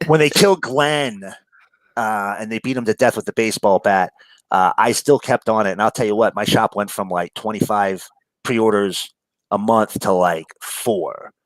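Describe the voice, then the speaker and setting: This fairly low-pitched man talks at a moderate pace, a New Yorker with the local accent shooting the breeze about comics. He rambles, swears, laughs often and leans on fillers, and the recording has no echo but poor quality.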